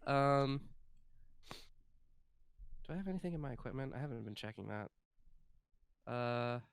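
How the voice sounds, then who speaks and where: A man's voice: medium pitch, expressive, a little slow, vocal fry, slight background noise. A man playing a tabletop game, hesitant and thinking aloud, self-deprecating. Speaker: player. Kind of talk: casual tabletop play.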